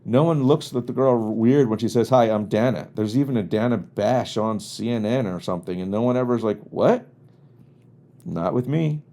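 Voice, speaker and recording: A man with a fairly low, mellow voice hosts his own podcast alone. He grew up on the US East Coast and tells rambling, wry stories with mock exasperation. The delivery stays casual and loose. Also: fairly quick, few pauses. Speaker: podcast host. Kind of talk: casual comedic monologue. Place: home studio in Los Angeles.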